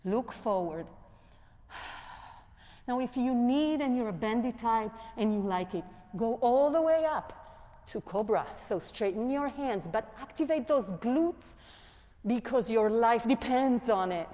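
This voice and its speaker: A woman yoga instructor with a non-native English accent, gently cueing poses and breathing as she leads a class on a mic in a yoga studio. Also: on the high side, expressive, a little slow. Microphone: wearing a mic. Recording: long echo of a studio hall.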